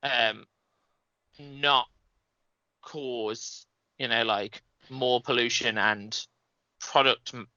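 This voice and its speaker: A man's voice: medium pitch, fairly even intonation, drawn-out words, pauses often, bright, forceful tone, no room sound, muffled recording. A man in a casual group chat, ranting in long run-on sentences.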